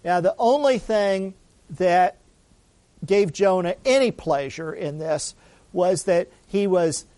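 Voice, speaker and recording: Pastor, male, sermon delivery, chatty storyteller, slightly high voice, dry close recording. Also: slow pace, mellow, no room sound. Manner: storytelling, conversational, with restarts and asides.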